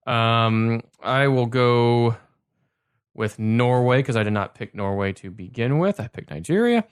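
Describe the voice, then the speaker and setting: A man's voice: mid-range voice, animated, a little slow, clean tone, no room sound, studio quality. A man hosting a casual sports podcast, loose and joking, with many restarts. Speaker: podcast host. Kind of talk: casual chat.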